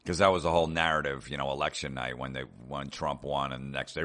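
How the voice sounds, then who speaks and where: A man's voice: very deep voice, fairly quick, hardly any pauses, a bit bright. A man hosting a comedy podcast, ranting sarcastically and profanely in a loose monologue. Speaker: podcast host.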